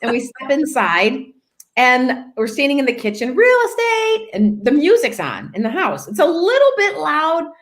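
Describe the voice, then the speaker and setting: A woman's voice: high-pitched, moderate pace. A woman, a real estate agent, telling a funny work story on a podcast and acting out the people in it. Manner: animated, acts out voices in her anecdote. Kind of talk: casual storytelling.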